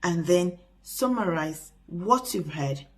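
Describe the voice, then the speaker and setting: A middle-aged woman hosting a parenting channel, talking earnestly to camera with frequent restarts and pauses. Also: lowish voice, lively intonation. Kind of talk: casual advice talk to camera.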